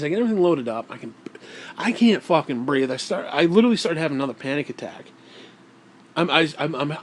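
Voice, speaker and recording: A man's voice: fairly high pitch, slight background noise. A man vlogging, telling a story in a casual, rambling way, swearing often and sounding exasperated.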